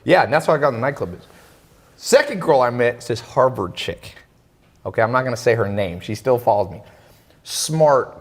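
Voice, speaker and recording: A man hosting an interview, telling a story in a casual, animated way. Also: mid-range voice. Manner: animated, acts out quoted voices. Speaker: interview host. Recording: long hall reverb.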